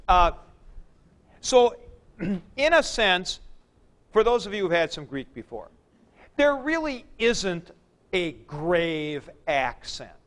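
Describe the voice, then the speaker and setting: A man's voice: high-pitched, a bit bright. A man teaching ancient Greek accents in a classroom lecture, explaining step by step with spoken examples.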